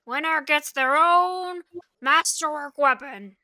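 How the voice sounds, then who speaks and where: A woman doing a small gruff goblin announcer. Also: high-pitched, slow, no room sound, studio quality, pitched above the performer's own voice, full character voice. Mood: shouty. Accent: British. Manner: shouting, struggles with volume.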